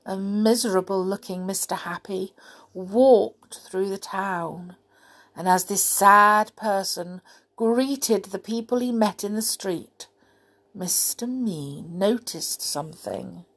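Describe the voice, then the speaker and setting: A woman reading a children's picture book aloud in an animated, playful, expressive way. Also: medium pitch, slow. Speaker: storyteller.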